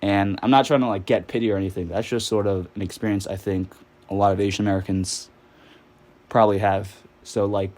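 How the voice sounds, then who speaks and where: A man's voice: fairly low pitch, steady tone, brisk, a little mellow. A man in his twenties from New York, telling a story in a rambling, casual way, full of fillers and swearing while he plays a game. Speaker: vlogger.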